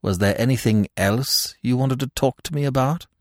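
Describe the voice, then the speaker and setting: A man's voice: medium pitch, moderate pace, dry recording, clean studio sound, pitched above the performer's own voice, lightly acted. A man voicing a stern, domineering aristocratic woman who speaks curtly. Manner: curt.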